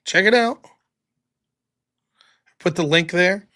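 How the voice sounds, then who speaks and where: A man hosting a casual livestream, telling stories in a loose, profane, animated way. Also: sits high, slow pace. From America. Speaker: host.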